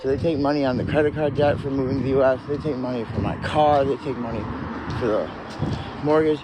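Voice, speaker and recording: A man's voice: mid-range voice, fairly even intonation, fast talker, background noise. A man ranting and answering viewer comments on a casual livestream, profane and agitated, in tooth pain.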